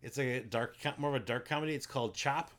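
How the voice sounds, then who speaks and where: A man's voice: mid-range voice, quick pace, a bit bright. A man co-hosting a casual podcast, retelling movie plots at length with many ums and likes. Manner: rambling, filler-heavy retelling. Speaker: podcast co-host. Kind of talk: casual chat about movies.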